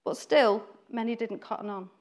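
Brit woman preacher, conversational delivery, acts out voices, slightly high voice. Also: moderate pace. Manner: chatty, acts out quoted voices, laughs often. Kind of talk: informal sermon.

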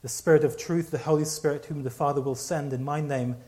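Man preaching a lively sermon. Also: on the high side, a little fast. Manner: animated storytelling with repeated restarts.

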